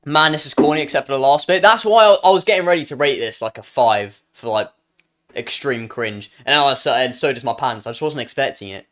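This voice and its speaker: A man's voice: medium pitch, brisk, fairly bright tone. A young British man streaming live, reacting to chat with jokes and playful banter, often trailing off and restarting his sentences.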